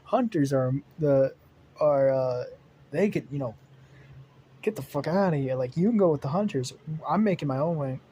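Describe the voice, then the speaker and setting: A man's voice: fairly high pitch, animated, normal speed, warm tone, a little hiss or hum, natural voice. A man voicing a cocky teenage boy demigod who talks brashly and swears. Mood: defiant.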